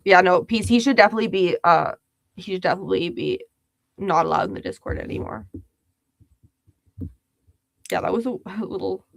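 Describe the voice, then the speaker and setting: A woman's voice: mid-range voice, fairly quick, gravelly, pauses often, no echo. Giggly woman chatting on a livestream. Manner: chatty, giggly, reads chat aloud. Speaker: livestream host. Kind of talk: casual livestream chat reading comments.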